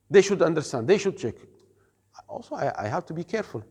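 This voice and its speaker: Here a man on the high side, sing-song and a little mellow with a breathy edge, leads an Islamic studies lesson. He takes his time explaining, asks students questions, and slips in Arabic terms. It's a classroom lecture with a long reverb tail.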